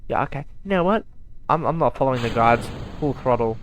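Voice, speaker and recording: A man's voice: medium pitch, animated, a little fast, slight background noise. A man giving live commentary over a space game, talking straight to his viewers, by turns muttering and exclaiming in exasperation. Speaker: gaming YouTuber.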